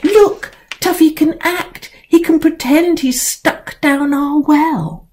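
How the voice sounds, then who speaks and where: A woman voicing excitable, gushing young girls in a storybook reading. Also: medium pitch, takes it slowly. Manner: squealing, gushing.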